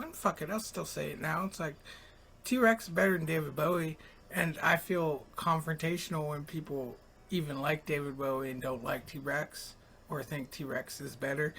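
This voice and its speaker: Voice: mid-range voice, fairly bright tone, slight background noise. Rambling, frank late-night radio host. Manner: rambling, frank, swears casually. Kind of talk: late-night casual live radio talk.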